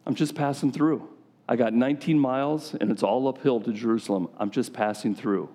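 A man voicing a kind teacher in a quiet, soft, unhurried manner. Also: mid-range voice, lightly acted. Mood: gentle.

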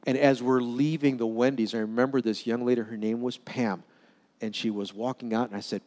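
A male pastor delivers a sermon in a church sanctuary, his voice trailing off into a long reverb. He tells stories and acts out the dialogue, at times sinking to a soft, quiet tone. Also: medium pitch, fairly even intonation, fairly quick. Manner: storytelling, acts out dialogue with sudden drops to soft tones.

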